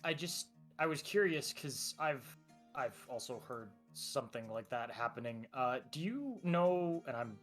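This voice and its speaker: A man's voice: mid-range voice, expressive, unhurried, fairly bright tone, faint music behind. A man plays a polite young male scavenger in a tabletop game. He stammers and restarts his sentences in a hesitant way.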